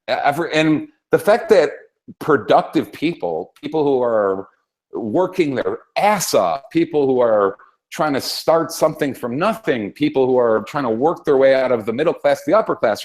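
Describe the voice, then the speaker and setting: Foul-mouthed ranting man, lively pitch. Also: normal speed. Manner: swears constantly, heated and rambling with restarts. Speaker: co-host. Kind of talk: profane political rant.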